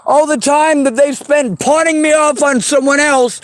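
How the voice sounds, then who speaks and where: A man with a strikingly high voice delivers a raw, furious rant, cursing constantly and breaking into shouts. The sound is dry and close, with no room echo around him. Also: steady tone, moderate pace, hardly any pauses. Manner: furious, swearing, often shouting. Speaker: vlogger. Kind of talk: angry profane rant.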